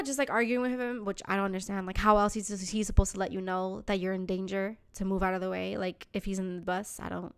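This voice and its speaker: A young woman hosting a podcast, telling a story in casual chat, animated and acting out the voices of people in it. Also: medium pitch, brisk, smooth. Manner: animated, acts out voices in her stories, swears casually. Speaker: podcast host.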